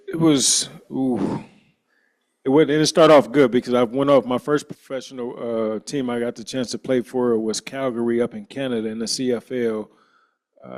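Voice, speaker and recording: Animated man telling a story. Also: mid-range voice. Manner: animated storyteller, acts out quoted dialogue, casual slang. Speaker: panelist, former professional football player. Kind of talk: storytelling on a panel.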